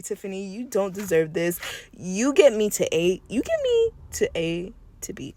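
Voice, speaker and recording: A woman's voice: medium pitch, big pitch swings, unhurried, darkish tone, dry recording, clean studio sound. A woman chatting casually while doing nails, swearing freely and laughing often as she tells a story. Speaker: nail tech vlogger. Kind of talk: casual chat while working.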